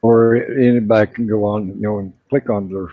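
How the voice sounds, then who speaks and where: A man hosting a casual live stream, talking in an easygoing, halting way. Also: lowish voice, fairly even intonation, no room sound, phone-quality sound, soft background music.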